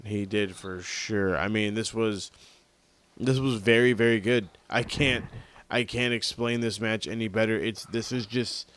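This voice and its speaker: A man's voice: lowish voice, fairly even intonation, unhurried, fairly bright tone. Enthusiastic man in casual podcast chat. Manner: enthusiastic, swearing, restarts. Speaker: podcast co-host. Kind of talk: casual wrestling review chat.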